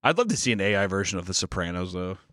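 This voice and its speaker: A man's voice: deep voice, quick pace, dry recording. A young man from the American Midwest co-hosting a podcast, riffing jokily in casual, profane chat. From Kansas City, US. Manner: jokey, animated, profane, riffing in bits. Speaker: podcast co-host.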